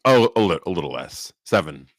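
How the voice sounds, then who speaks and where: A low-pitched man talks in loose, rambling conversation, his words softened by a slight braces lisp. His pitch rises and falls a lot. The sound is dry with no room echo. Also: very animated, brisk. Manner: chatty, rambling with restarts. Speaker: podcast co-host. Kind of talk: casual chat.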